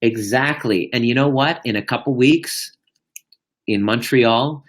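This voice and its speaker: Male life coach, live Q&A, energetic and blunt, swears freely, mid-range voice. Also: mid-range voice, a little slow. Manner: animated, profane, swings between loud and hushed. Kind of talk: live stream Q&A. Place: indoors, live video.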